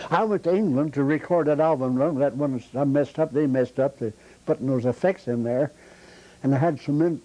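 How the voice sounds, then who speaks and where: An older man spins rambling circus tales in a folksy, plain-spoken way. His voice is mellow and dark, with pitch at an ordinary middle height. He talks like someone chatting at home during a relaxed interview. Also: poor audio. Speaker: interviewee, retired circus bandleader. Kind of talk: rambling anecdotal storytelling.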